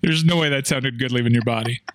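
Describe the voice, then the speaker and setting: A man in a casual podcast chat, teasing and measured as he weighs in. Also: mid-range voice, fairly bright tone.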